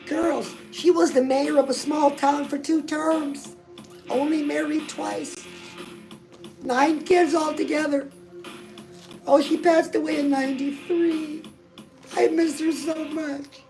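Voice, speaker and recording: Speaking slowly in a high, steady voice, a woman performs a comic monologue as a pushy lifestyle guru, chatting effusively to the viewer and repeatedly calling her "girl." Music plays loudly under the voice in this low-quality recording.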